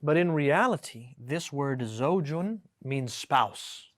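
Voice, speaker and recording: A man teaching a live class, with a fairly high voice. He explains each word patiently, often stopping to ask "right?", and reads the example sentences aloud. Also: lively intonation, slow pace. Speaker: Arabic teacher. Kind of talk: classroom lesson. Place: classroom with students.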